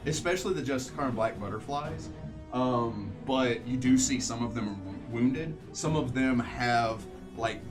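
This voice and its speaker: A man narrating as game master of a tabletop game, with a relaxed delivery full of fillers. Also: medium pitch, far from the mic. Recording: music bed, voice from off mic.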